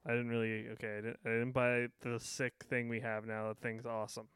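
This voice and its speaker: A man's voice: mid-range voice, completely flat delivery, fairly quick, a bit bright, clean tone, dry recording, studio quality. A man co-hosting a podcast in casual chat, joking and self-deprecating. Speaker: podcast co-host.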